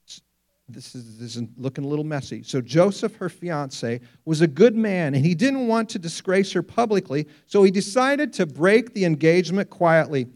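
A man preaching a sermon, telling stories with lively rhetorical questions. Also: on the high side, moderate pace. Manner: animated storytelling, rhetorical questions. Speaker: pastor.

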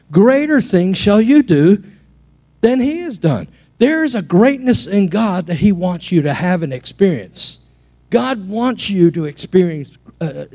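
Warm-voiced man preaching a sermon. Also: fairly high pitch. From England. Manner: animated preaching with storytelling and repeated restarts. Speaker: pastor. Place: church.

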